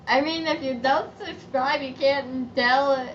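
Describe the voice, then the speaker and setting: A woman with a slightly high voice talks bluntly and playfully, wandering away from the subject. She sounds far from the mic on a dull recording, with clear noise behind her. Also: fairly even intonation, a little slow, echoey room. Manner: blunt, playful, jumps off topic. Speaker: podcast host, dancer. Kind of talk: casual chat. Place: home couch with a dog on her lap.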